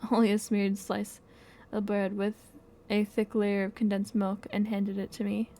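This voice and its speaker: A woman reading a game's story text aloud in an expressive, soft-spoken way. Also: medium pitch, a little slow. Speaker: game playthrough narrator.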